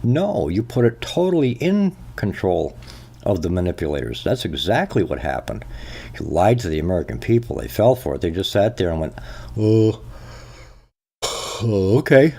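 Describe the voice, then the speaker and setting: A man's voice: sits low, vocal fry, mellow. A man hosting a solo commentary show, ranting and repeatedly checking in with "okay?". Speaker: podcast host.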